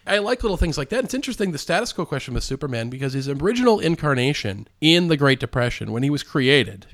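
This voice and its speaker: Man, podcast co-host, lively storyteller, voice sits a bit high. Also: fast. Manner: animated storyteller, acts out scenes. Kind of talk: casual discussion.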